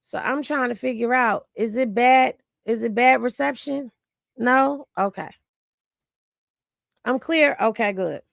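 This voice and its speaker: A woman hosts a casual livestream from home, talking straight to her viewers in a chatty, gossipy way. She sounds tired and has a fairly high voice with a gravelly edge of fry. The sound is close and dry, picked up by a phone or computer mic. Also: a little slow, long pauses, dry recording. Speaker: livestream host.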